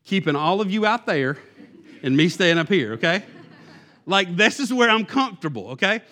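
A man's voice: high-pitched, very animated, moderate pace, sharp tone. A man who is a youth pastor, giving a sermon in a conversational, self-deprecating way, with many fillers and restarts.

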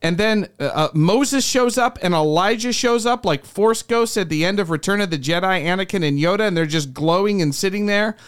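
A man's voice: high-pitched, fairly quick, few pauses, smooth. A man hosting a podcast, chatting casually and cracking self-deprecating jokes in a studio. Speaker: podcast host. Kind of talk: casual chat.

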